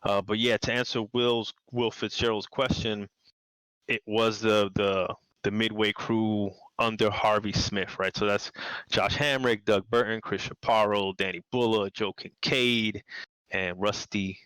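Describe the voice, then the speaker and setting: Low, smooth-voiced New man. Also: fairly even intonation, unhurried, fairly bright tone, no room sound, low-quality recording. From New York City. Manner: rambling, repeats words, laughs often. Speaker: podcast guest, game designer. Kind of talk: casual interview chat.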